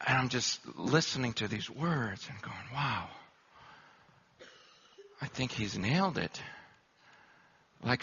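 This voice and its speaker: A pastor preaching a sermon, moving between hushed, low storytelling and loud, impassioned exhortation. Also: male voice, breathy edge. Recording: dull lo-fi recording.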